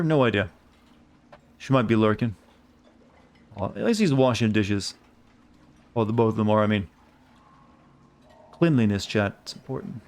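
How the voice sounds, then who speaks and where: Casting: American male streamer, mid-pitch, dry and chatty, riffing with chat while he plays. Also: darkish tone, smooth. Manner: wry, chatty, talks to chat. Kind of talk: casual live game commentary.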